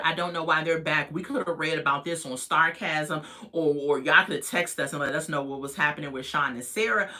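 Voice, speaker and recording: A woman's voice: on the low side, sharp tone. A woman, recapping a reality show in a chatty, sassy, incredulous way with colloquial asides.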